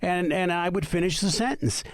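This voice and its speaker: A man's voice: high-pitched, moderate pace, dry recording, studio quality. A middle-aged man, the host's husband, telling rambling, sarcastic anecdotes in a casual podcast chat.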